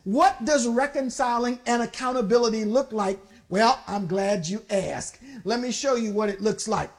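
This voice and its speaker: High-voiced woman preaching with fervor. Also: normal speed. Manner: emphatic call-and-response preaching, rising to shouts. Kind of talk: sermon.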